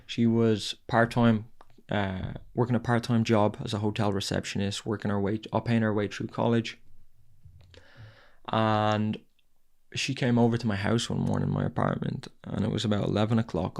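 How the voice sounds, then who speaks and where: A man's voice: lowish voice, creaky, a little mellow. A man hosting a podcast and telling a raw, candid personal story, swearing and repeating his phrases. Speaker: podcast host.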